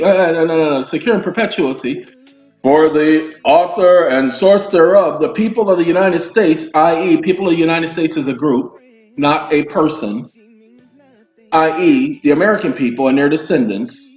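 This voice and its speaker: A man casually reading legal documents aloud and explaining them to his viewers, with lively asides and frequent check-ins. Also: a little high. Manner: animated, addresses listeners as y'all, breaks off into asides. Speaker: legal commentary host. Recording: roomy, dull sound with faint music.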